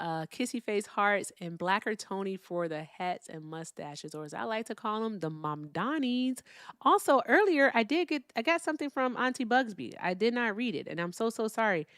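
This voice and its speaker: A woman's voice: mid-range voice, no echo, studio quality. Chatty woman hosting a live call-in stream. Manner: chatty, swings between loud and hushed asides. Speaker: livestream host. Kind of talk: casual call-in chat.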